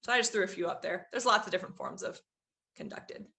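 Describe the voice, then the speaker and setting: Young woman teacher, bright tone, loose chatty delivery full of fillers, casual lesson. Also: mid-range voice, fast talker. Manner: chatty, many fillers and hedges.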